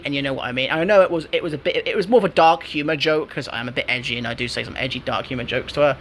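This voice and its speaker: A man's voice: a little high, fast talker, few pauses, fairly bright tone, a little hiss or hum. A man casually telling his viewers about an online game argument, rambling with fillers and restarts. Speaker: gamer telling a story to viewers. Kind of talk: casual storytelling commentary.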